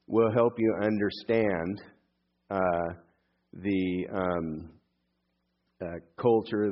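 Older man, pastor, conversational sermon, low-pitched voice, fillers and asides, dull recording.

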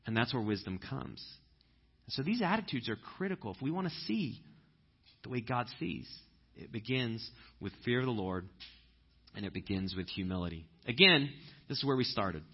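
A man preaching a conversational sermon, telling stories and breaking into loud animated impressions. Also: medium pitch, moderate pace, slightly rough, dull audio. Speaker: pastor.

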